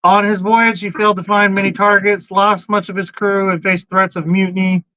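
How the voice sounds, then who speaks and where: A man's voice: high-pitched, level tone, moderate pace, pushed and bright, no room sound. A man hosting a casual podcast, talking bluntly, swearing freely and jumping between topics while reading out viewer comments. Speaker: podcast host. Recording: dull, lo-fi sound, dry.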